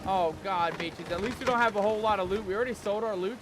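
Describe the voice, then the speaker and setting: A man streaming a pirate game, commenting live in an excitable, panicky way and peppering his talk with pirate slang. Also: sits high, fast talker. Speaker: gaming streamer. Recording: game sounds and ocean noise behind. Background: ship and water game audio.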